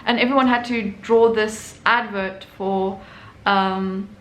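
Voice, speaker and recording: A woman's voice: medium pitch, fairly even intonation, slow. A young adult woman, an artist hosting her own channel, telling a personal story in a chatty way with many fillers and restarts. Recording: echoey room with faint noise.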